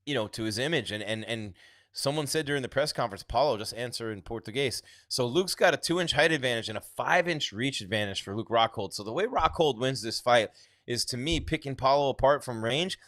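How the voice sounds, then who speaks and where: A man's voice: medium pitch, dry recording, studio quality. Chatty man hosting a live fight stream. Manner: chatty, reads viewer comments aloud, trails off quietly. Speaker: livestream host reading chat. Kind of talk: casual live-stream commentary.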